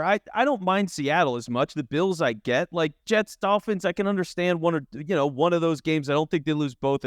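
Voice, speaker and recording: A man's voice: on the high side, no echo, clean studio sound. A man co-hosting a casual sports podcast, confident and teasing as he pushes back on his partner. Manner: confident, teasing, lively delivery. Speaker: podcast co-host.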